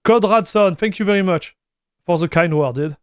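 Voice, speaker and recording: A man's voice: high voice, normal speed, clean tone, no echo, studio quality. A man with a French accent, a native French speaker, chatting casually on a live stream, answering viewers and calling them dude and broski. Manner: chatty, reads viewer messages aloud, calls people dude and broski.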